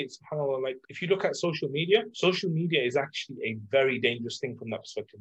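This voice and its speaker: A middle-aged man, a coach, talking casually about self-love with lots of fillers and lively examples. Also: mid-range voice, slightly rough. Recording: dull lo-fi sound.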